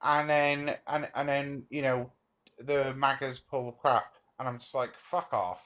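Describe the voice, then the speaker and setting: A man from Europe argues in a loose, heated chat. He sounds exasperated and swears freely, with an ordinary mid-pitched voice. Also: flat delivery, unhurried, a bit bright. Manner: exasperated, profane. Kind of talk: casual heated debate chat.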